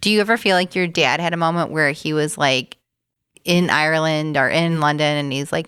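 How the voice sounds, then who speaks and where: A woman's voice: low-pitched, a little fast, fairly bright tone, clean tone. A woman hosting a casual podcast interview, listening closely and asking curious, engaged questions. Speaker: podcast host.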